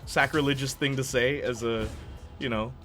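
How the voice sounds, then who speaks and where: A young man from Canada chats loosely with his viewers while he plays, rambling through fillers and laughing often. His voice sits at an ordinary middle pitch, and soft game music plays underneath. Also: steady tone, moderate pace. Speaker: gaming streamer chatting with viewers. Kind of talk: casual chat while playing a game.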